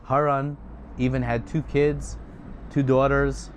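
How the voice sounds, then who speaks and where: A man telling a story in a lively, animated way, with quick restarts. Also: mid-range voice, slight background noise. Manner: lively, with restarts and many voices.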